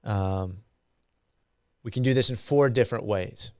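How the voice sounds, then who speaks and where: A man giving a university grammar lecture, slow and halting with frequent ums and uhs. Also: lowish voice, a little mellow, no room sound, studio quality.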